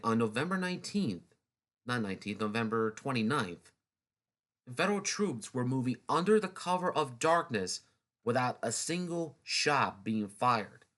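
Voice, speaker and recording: A man's voice: mid-range voice, a bit bright. A man narrating a history video in a loose, chatty way, with restarts and snarky asides. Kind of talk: casual unscripted history talk.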